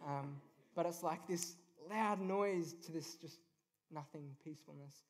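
A man in his twenties or thirties speaks at a youth event, sharing his faith in an earnest, unpolished way. He fills pauses with ums as he goes. His voice sits a little higher than most men's. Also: darkish tone. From Australia. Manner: earnest, informal, with many ums. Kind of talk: personal faith talk. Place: event venue.

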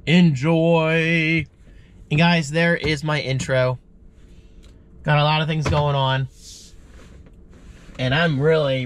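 A man vlogging casually, sounding congested and rambling in a chatty, self-deprecating way. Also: medium pitch. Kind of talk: casual vlog chat.

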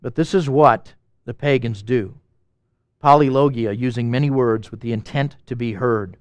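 A man preaching a sermon as pastor, animated and emphatic, asking the congregation questions and making quick asides. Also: mid-range voice, clean tone, dry recording.

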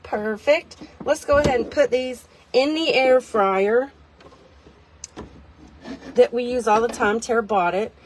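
A woman vlogging a chatty product demo from inside a tiny car, rambling, self-deprecating and easily excited. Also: fairly high pitch, unhurried, pauses often, slight background noise.

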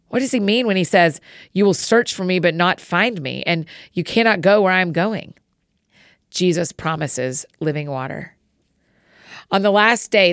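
A woman's voice: lowish voice, dry recording, studio quality. A woman hosting a Bible-reading podcast, reading scripture aloud and praying in an earnest, heartfelt, conversational way. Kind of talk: scripture reading and informal prayer.

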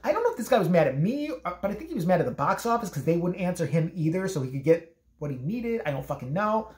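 A fast-talking woman tells a rambling story with a lively, swooping voice. She swears freely and acts out both sides of the phone calls she describes. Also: on the low side, roomy sound. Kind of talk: casual storytelling monologue.

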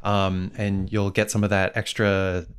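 A man's voice: low voice, monotone, unhurried, clean tone, voice pushed down. A man playing an awkward bathtub product salesman in an improv comedy scene, fumbling his words. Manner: fumbling, stumbles over names.

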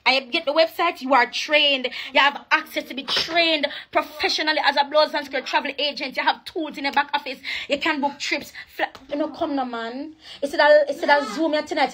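A young woman with a Jamaican accent, livestreaming a rambling, preachy sales pitch for her network marketing business. She repeats herself and slips into patois. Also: steady tone, fairly quick, hardly any pauses, pushed and bright. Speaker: live streamer promoting a network marketing business. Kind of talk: casual live-stream sales pitch.

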